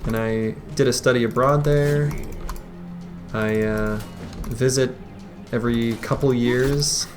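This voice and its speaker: A man's voice: mid-range voice, steady tone, slow. A man streaming a strategy game, chatting casually and greeting viewers as he plays. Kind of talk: casual live-stream chat. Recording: faint music behind.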